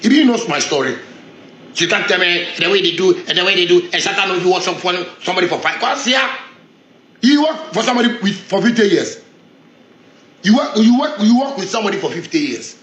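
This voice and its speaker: A man's voice: high voice, lively intonation, brisk, fairly bright tone, echoey room. A man with a Ghanaian Pidgin English accent in a heated, defiant rant, repeating himself as he challenges someone. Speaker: street figure in a viral video. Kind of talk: confrontational rant.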